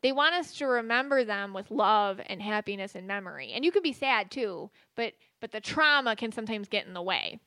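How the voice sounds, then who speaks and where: A woman's voice: mid-range voice, expressive, brisk, few pauses, bright, forceful tone, no room sound. A woman hosting a podcast, talking casually with many fillers and restarts. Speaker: podcast host and psychic medium. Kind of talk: casual spoken monologue.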